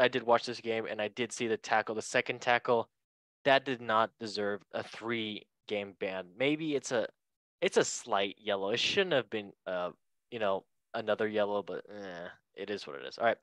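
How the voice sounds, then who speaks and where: A man's voice: lowish voice, lively intonation, normal speed, fairly bright tone, no room sound, low-quality recording. Chatty man hosting a football show. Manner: chatty, self-correcting, joking asides. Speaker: podcast host. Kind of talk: casual football chat.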